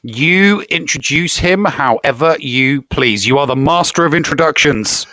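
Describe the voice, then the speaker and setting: A man's voice: on the high side, expressive, measured pace, sharp tone, dry recording. A man co-hosting a podcast, joking and teasing in casual chat. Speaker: podcast co-host.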